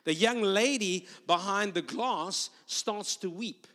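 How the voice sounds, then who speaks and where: A high-voiced male guest preacher from South Africa or Australia delivers a sermon with prophetic ministry in a church sanctuary. He speaks slowly, moving from storytelling up to loud proclamation, and the large hall gives the recording a long reverb.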